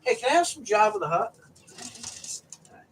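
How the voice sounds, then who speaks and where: A man from the US East Coast, hosting a casual home vlog and telling a story in an animated way, often ending sentences with "right?" or "okay?". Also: sits high, normal speed, slight background noise. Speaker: vlogger host.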